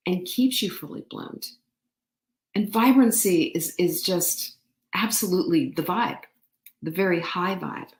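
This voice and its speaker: A woman's voice: medium pitch, a little mellow. A middle-aged woman hosting a show, giving an upbeat, chatty motivational talk and answering viewer comments. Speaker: show host. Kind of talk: live-stream motivational talk. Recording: roomy echo.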